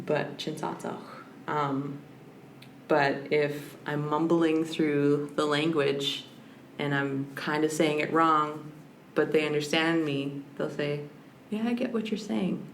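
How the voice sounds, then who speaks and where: The podcast guest here is a woman and a language scholar whose voice sits low, with a flat delivery and a slow pace. Her manner is reflective and searching, with frequent restarts, as befits this conversational interview. The audio is roomy, carrying a faint hiss.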